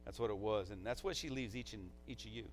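A man's voice: fairly low pitch, quick pace, a little hiss or hum, poor audio. A man, a pastor, delivering a eulogy in a conversational, heartfelt way, often dropping in "man" as a filler.

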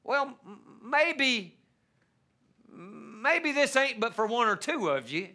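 A man preaching a sermon as pastor, with measured delivery that rises into impassioned pleading and a habit of repeating words as he starts a sentence. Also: extremely high pitch, sing-song, pushed and bright.

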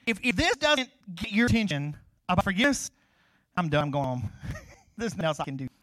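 Fast high-pitched preacher guy, middle-aged, jokey stories then loud scripture, dry close sound. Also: very animated, dry recording, low-quality recording. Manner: swings from loud preaching to quiet asides; storytelling with humor and laughs. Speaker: pastor. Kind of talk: sermon.

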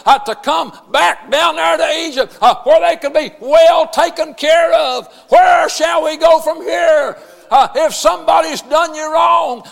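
Male pastor, high voice, shouts the sermon, halting "uh" delivery, echoing church. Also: creaky. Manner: shouted emphatic preaching, frequent "uh" fillers. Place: church sanctuary. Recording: long reverb of a church hall.

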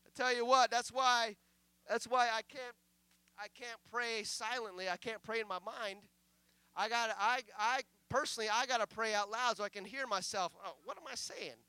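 A male pastor preaching a sermon in a conversational style that swells into loud declarations, sometimes dropping to a mumble to act out a distracted prayer. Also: very high voice, steady tone, normal speed, clear, resonant tone, dry recording. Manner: acts out mumbled prayers in a quiet aside voice.

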